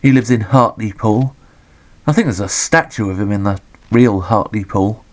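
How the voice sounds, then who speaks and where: A man giving sweary, deadpan, sarcastic commentary on a retro game. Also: lowish voice, normal speed.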